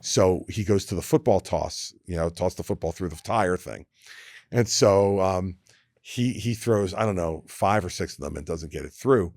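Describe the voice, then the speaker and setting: Lower-voiced New man telling stories. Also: moderate pace, no room sound, studio quality. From New Jersey, USA. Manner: animated anecdote teller who acts out quoted people, with frequent restarts. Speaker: podcast guest. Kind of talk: casual storytelling in conversation.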